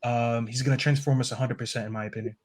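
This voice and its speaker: A man's voice: mid-range voice, steady tone, quick pace, a little mellow. A man with an ordinary mid-range voice talks as a football fan on a panel. He speaks earnestly, rambling a little and stopping often to find his words. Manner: earnest, rambling, lots of "um" fillers. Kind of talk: casual panel chat.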